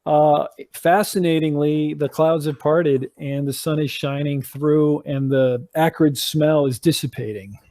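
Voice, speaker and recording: Slow, relaxed male game master. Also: a little high, no echo. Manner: relaxed, with frequent fillers. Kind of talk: narrating a tabletop game.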